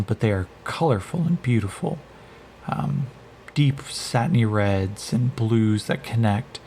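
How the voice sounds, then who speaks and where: A man narrating a solo tabletop game as game master, in an unhurried, hesitant way with many pauses. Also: medium pitch, a little mellow, slight background noise.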